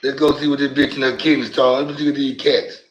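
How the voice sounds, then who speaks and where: A man's voice: medium pitch, flat delivery, fast talker, slight background noise, rough recording. A man hosting a casual livestream, joking and trash-talking viewers in the chat with heavy cursing. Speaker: livestream host.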